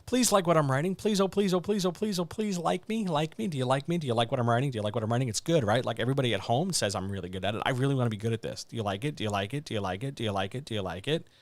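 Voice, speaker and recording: A man's voice: mid-range voice, rapid-fire, few pauses, no echo, natural voice. A man putting on the voice of a needy, insecure male writer who whines and begs for approval over and over. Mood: pleading. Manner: whiny, pleading, repetitive.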